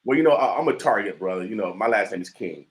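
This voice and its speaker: A man's voice: fairly low pitch, expressive, quick pace, rough recording. A man hosting a community radio morning show, talking in a fired-up, emphatic way with many stammers and fillers, with an Omaha accent. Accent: Omaha, Nebraska. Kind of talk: fired-up talk radio commentary.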